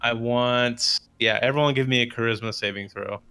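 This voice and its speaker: A man running a tabletop game as game master, narrating in a halting way with many restarts. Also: mid-range voice, steady tone, sharp tone, clear, resonant tone. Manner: halting, restarts while describing.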